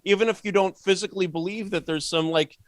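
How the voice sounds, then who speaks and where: A man talking as a podcast guest, rambling and sardonic, with many restarts and animated asides. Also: sits high, fast talker, dry recording. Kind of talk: casual podcast conversation.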